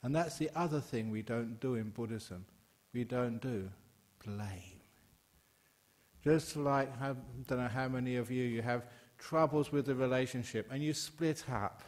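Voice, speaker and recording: An older man from England gives a Buddhist dharma talk to a gathered audience. His voice sits at an ordinary middle pitch, and he talks in a relaxed, joking way. He jumps sharply upward for emphasis, then drops back low and quiet. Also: unhurried. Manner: humorous, conversational, emphatic with sudden rises in pitch.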